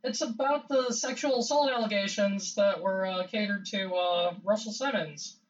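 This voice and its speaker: A man's voice: high voice, normal speed. A man co-hosting a casual podcast chat, blunt and wisecracking. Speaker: podcast co-host. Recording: distant, dull-sounding mic.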